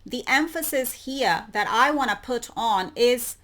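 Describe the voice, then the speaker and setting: A woman's voice: a little high, lively intonation, unhurried, hardly any pauses, pushed and bright. A woman hosting her own channel, reading web articles aloud and commenting on them, repeating words she wants to stress. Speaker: YouTube channel host.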